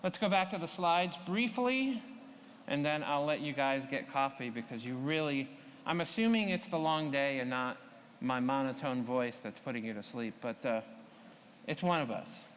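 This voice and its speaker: A man explaining a live coding demo at a tech conference, talking to the audience in a relaxed, explanatory way. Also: mid-range voice, normal speed, big-room sound, slight background noise. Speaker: conference speaker. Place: conference hall.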